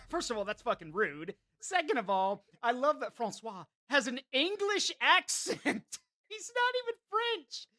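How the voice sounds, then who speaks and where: A man's voice: extremely high pitch, big pitch swings, measured pace, sharp tone. A man streaming a video game in casual commentary, chatty and often bursting into laughter.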